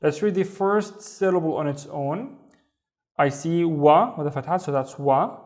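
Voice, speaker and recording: A man's voice: fairly high pitch, unhurried, darkish tone. A man teaching a beginner reading lesson, patiently sounding out syllables one at a time. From Saudi Arabia. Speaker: Arabic teacher.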